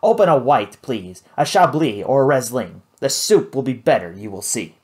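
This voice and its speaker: A man doing a flamboyant excitable chef. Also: medium pitch, moderate pace, natural voice. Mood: theatrical. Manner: grand, indignant, theatrical. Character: flamboyant excitable male ship's chef, theatrical.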